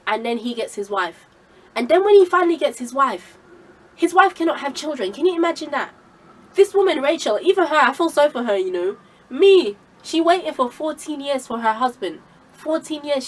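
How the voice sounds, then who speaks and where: Woman, casual devotional speaker, storytelling with asides, slightly high voice, mic a bit distant. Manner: conversational storytelling with many asides. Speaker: Christian vlogger sharing a Bible message. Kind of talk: informal Bible teaching.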